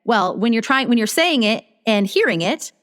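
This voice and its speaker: A woman's voice: fairly high pitch, normal speed, in a large hall. A woman guest on a casual interview, telling her story animatedly and acting out her own thoughts. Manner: animated, acts out her own inner dialogue. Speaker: guest business strategist.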